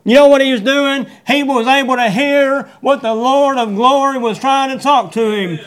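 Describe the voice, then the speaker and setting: A middle-aged man preaching a sermon, quoting scripture and repeating refrains, with folksy phrasing and many halting fillers. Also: very high-pitched, steady tone, a bit bright. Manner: preaching with Bible verse references and repeated refrains. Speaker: pastor.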